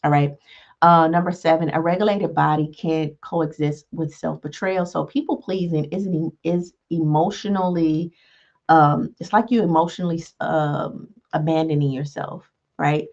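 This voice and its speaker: A woman's voice: deep voice, a little slow, a little mellow. A woman teaching a self-help lesson in a conversational way, often checking in with "right?" and acting out quoted exchanges. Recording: dull lo-fi sound.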